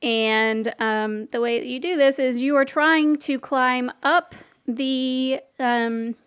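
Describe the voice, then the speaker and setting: A woman's voice: high-pitched, steady tone, slow, fairly bright tone, clean tone, dry recording. Laid-back woman game master. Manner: loose, filler-heavy, laughing often. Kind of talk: narrating a tabletop game.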